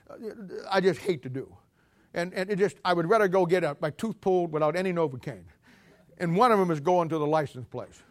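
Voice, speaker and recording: A man preaching a folksy sermon, telling road-sign jokes and personal stories with animated swings between loud and hushed delivery. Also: high voice. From Missouri, USA. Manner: animated storytelling, swings from loud to quiet, laughs at own jokes. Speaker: pastor.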